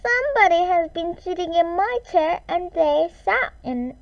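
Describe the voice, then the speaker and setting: A woman voicing a tiny young male baby bear with a squeaky, shrill little voice in a storybook reading. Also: lively intonation, a little slow, vocal fry, dry recording, lo-fi sound, full character voice. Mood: upset.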